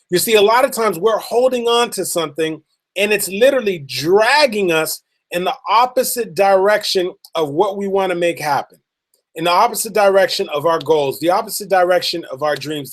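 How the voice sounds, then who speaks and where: A man giving a motivational talk, telling a story in an earnest, emphatic way and drawing out key words slowly. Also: high voice. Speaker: motivational speaker.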